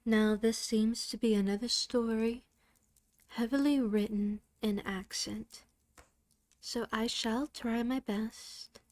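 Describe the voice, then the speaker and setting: A woman reading folk tales aloud in a careful, unhurried way, with chatty asides between passages. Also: a little high, fairly even intonation, a little mellow, no echo. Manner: slips into a light Irish lilt when reading dialect passages. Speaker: reader.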